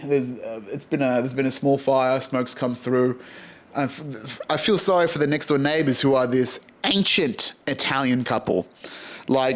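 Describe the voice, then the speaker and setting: A man with an Australian accent hosting a podcast, rambling through a casual, sweary monologue and laughing at his own jokes. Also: mid-range voice. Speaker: podcast host.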